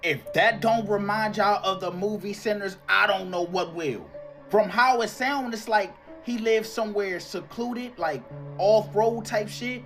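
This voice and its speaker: A man's voice: sits high, unhurried, fairly bright tone, soft background music. Slangy man reacting to a clip. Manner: slangy, exclaiming, addresses viewers as y'all. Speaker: reaction video host. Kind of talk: casual commentary on a clip.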